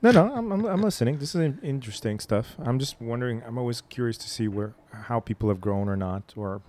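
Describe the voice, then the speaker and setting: A man's voice: mid-range voice, animated, brisk, darkish tone. A man hosting a podcast, prompting and encouraging his guest in casual chat. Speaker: podcast host. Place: studio.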